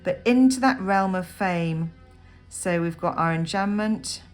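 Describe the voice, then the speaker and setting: A woman teaching a poem in a recorded lesson, thinking aloud with frequent ums and pausing as she annotates notes on the page. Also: fairly low pitch. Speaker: literature teacher. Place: at a desk writing notes.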